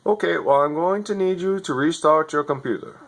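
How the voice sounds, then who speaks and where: A man's voice: on the high side, moderate pace, gravelly, a bit bright, voice pushed up. A man voicing a clueless male tech support agent who reads polite, repetitive lines from a script.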